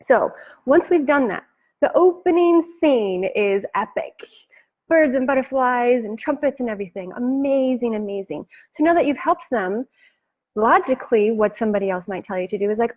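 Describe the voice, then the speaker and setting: A woman coaches her viewers in a lively, chatty way, slipping into the voices of her clients and laughing along the way. Her voice sits a little high. The stream audio is dull and lo-fi. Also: moderate pace. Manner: chatty and animated, acts out client quotes, laughs often. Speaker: business coach. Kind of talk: live-streamed coaching talk.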